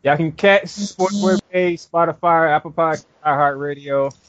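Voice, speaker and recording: A man hosting a podcast, talking in a lively, animated way and plugging his shows. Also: on the high side, normal speed, no room sound, dull audio. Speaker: podcast host. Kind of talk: casual podcast chat.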